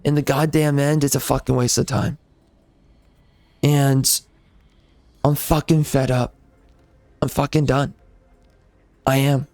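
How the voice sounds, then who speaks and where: A man's voice: medium pitch, level tone, slow pace, pauses often, darkish tone, dry recording. A man who hosts a gaming channel, delivering a bitter, profane rant at his viewers. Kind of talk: angry rant to the audience.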